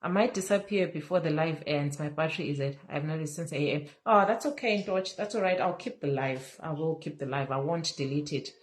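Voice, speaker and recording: A woman's voice: sits low, brisk, hardly any pauses, poor audio. A woman hosting a casual Facebook live chat on her phone, earnest and repeating her phrases, slipping in Zulu words. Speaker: livestream host.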